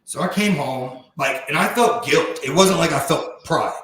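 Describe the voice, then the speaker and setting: A man's voice: fairly high pitch, animated, fairly bright tone. Earnest man in a very echoey room. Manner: heartfelt, reflective, often slows down for emphasis. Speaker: podcast guest. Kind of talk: earnest personal storytelling.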